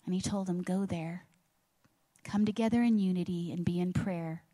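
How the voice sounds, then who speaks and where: A woman's voice: lowish voice, fairly even intonation, moderate pace, warm tone. Woman pastor, middle-aged, earnest sermon delivery; church auditorium with long reverb. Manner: earnest preaching with rhetorical questions. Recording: long reverb of a large hall.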